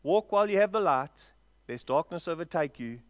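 A man with a high voice preaches a sermon, dry and close with little room sound. He swings from loud, drawn-out lines down to quiet asides. He keeps turning to his congregation with questions. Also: expressive, dry recording. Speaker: pastor. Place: church, before a congregation.

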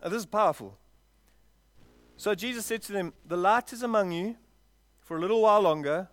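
A man with a high voice preaches a sermon, dry and close with little room sound. He swings from loud, drawn-out lines down to quiet asides. He keeps turning to his congregation with questions. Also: no echo. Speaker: pastor. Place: church, before a congregation.

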